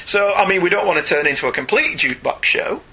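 A man's voice: high-pitched, animated, quick pace, bright, forceful tone, breathy edge. A man co-hosting a comics podcast, chatty and jokey, laughing often as he reads listener emails. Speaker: podcast co-host. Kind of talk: casual chat, reading listener emails.

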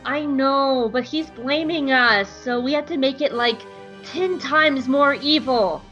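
A woman's voice: high voice, slow pace, fairly bright tone, muffled recording, faint music behind, voice pushed up. A woman voicing a weary male imperial officer who talks in a sighing, resigned way.

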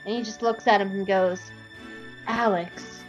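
Speaking fast at a medium pitch, this young woman co-host spins a funny fan-fiction tale on her podcast, full of giggles and profanity. The audio is muffled, with a bit of music faintly in the background.

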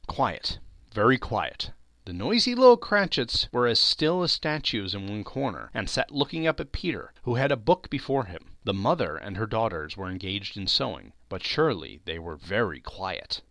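A man giving a dramatic reading of a classic novel, telling the story with lively expression. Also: on the low side, moderate pace, no echo. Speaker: reader.

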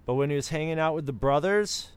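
American man, casual co-host, smooth tone, rambling delivery. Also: a little high, quick pace. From United States. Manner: rambling, with many restarts and impressions of other accents. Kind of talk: casual chat.

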